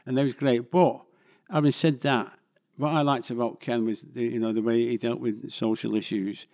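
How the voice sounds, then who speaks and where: A man's voice: mid-range voice, fairly even intonation, moderate pace, a little mellow. Chatty older Mancunian man. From England. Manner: rambling, chatty, self-deprecating. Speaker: guest actor. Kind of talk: casual interview chat.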